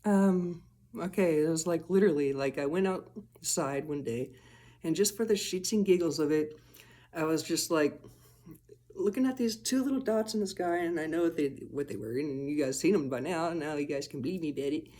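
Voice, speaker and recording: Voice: mid-range voice, moderate pace, warm tone. A person talking casually to camera in a rambling, profane vlog monologue, chuckling often and trailing off mid-thought. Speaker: vlogger.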